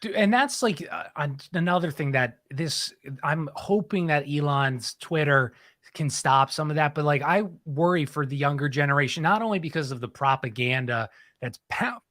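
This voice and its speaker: Male guest, bright forward tone, slightly high, dry close mic, rambles loosely. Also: moderate pace, no room sound. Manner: loose, rambling, full of 'like'. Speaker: podcast guest. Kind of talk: casual chat.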